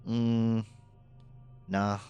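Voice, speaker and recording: Deep-voiced male player, thoughtful and earnest. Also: level tone, very slow, dark tone, clean tone, dull audio, soft background music. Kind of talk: casual tabletop game chat.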